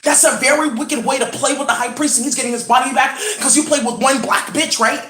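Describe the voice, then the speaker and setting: A woman's voice: sits high, fairly even intonation, a little fast, a bit bright, echoey room, soft background music. A woman talking in a rambling, intense way in a casual home vlog as a spiritual reader. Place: at home indoors.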